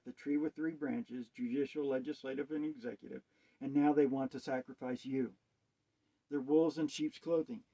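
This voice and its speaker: A self-styled preacher with a slightly high, warm voice rambles hesitantly about wordplay and scripture, musing aloud with rhetorical questions. The recording has a dull, lo-fi sound.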